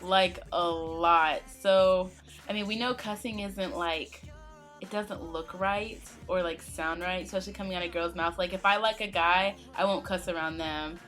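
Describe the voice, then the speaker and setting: A woman's voice: fairly low pitch, fairly even intonation, normal speed, a bit bright, soft background music. A young woman co-hosting a casual fan Q&A, goofy and giggly, breaking into playful outbursts. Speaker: K-pop reaction channel co-host. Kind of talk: casual Q&A chat.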